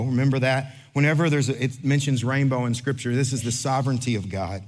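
A middle-aged male pastor preaching a sermon, telling a lively story with acted-out voices, then slowing to read and unpack scripture. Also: mid-range voice. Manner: animated storyteller, acts out other voices, then slows for scripture.

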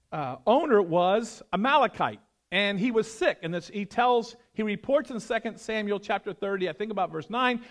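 Pastor guy preaching, goes from loud and emphatic to hushed and prayerful, voice jumps around a lot. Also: high voice. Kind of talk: sermon.

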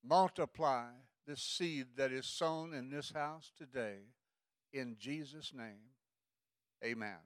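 Older pastor man, smooth dry voice. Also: medium pitch, slow pace, dry recording. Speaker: guest pastor. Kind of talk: offering prayer.

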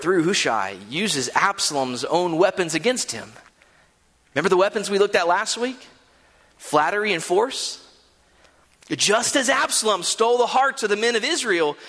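A man preaches a sermon, retelling a story with animated flair and stumbling over repeated words. His voice is bright and fairly high, and it swings widely in pitch. A long church-hall reverb trails after each phrase. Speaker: pastor.

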